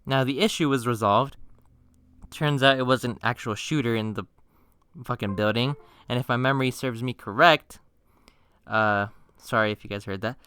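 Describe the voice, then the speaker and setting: A young man telling funny stories on his channel in a slangy, swearing casual style, with bursts of mock-outraged yelling. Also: mid-range voice, normal speed, pauses often, smooth, no echo. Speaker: storytime youtuber. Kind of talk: casual storytime narration.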